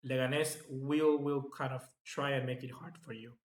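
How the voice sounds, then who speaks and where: A man hosting live football match reaction commentary, chatty and excitable, reading out viewer comments. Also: mid-range voice, moderate pace. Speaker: football fan channel host. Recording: echoey room.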